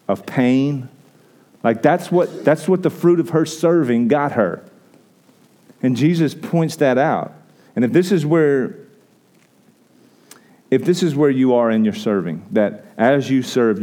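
Male pastor, warm low-key tone, conversational sermon, frequent restarts. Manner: conversational preaching with repeated restarts.

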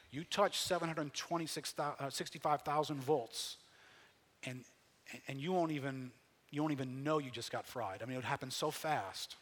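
A man preaching a sermon, animated, swinging from quiet asides to loud emphatic bursts. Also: fairly high pitch, in a large hall. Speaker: pastor.

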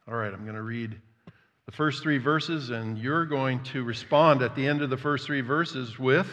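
Earnest pastor in a reverberant hall. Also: male voice, medium pitch, fairly bright tone, lo-fi sound. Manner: earnest, halting with fillers, rises for scripture. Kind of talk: sermon with scripture reading. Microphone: worn microphone.

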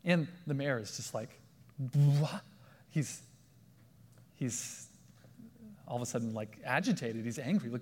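A man preaching a sermon in a lively storytelling way, acting out the voices of the people in his stories. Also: mid-range voice, a little slow, pauses often. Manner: animated, acts out quoted voices. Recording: long hall reverb.

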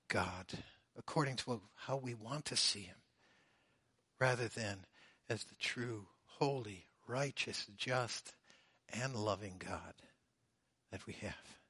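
Slow-spoken male preacher. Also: breathy edge, no echo, clean studio sound. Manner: dynamic preaching, swinging from loud emphasis to hushed low phrases. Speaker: pastor. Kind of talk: sermon.

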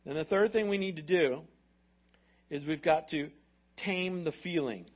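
Energetic man preaching, high voice, slightly muffled recording. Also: a little slow. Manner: energetic, repetitive, acts out quotes. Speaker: pastor. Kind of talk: sermon.

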